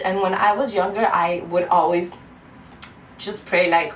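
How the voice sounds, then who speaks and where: A woman's voice: on the low side, steady tone, a little slow, a bit bright. Young female vlogger, choked-up and rambling, recorded at a distance in a reverberant room. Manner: teary, fighting back emotion, rambling with fillers. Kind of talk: emotional personal vlog. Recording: echoey room, off-mic, faint hum.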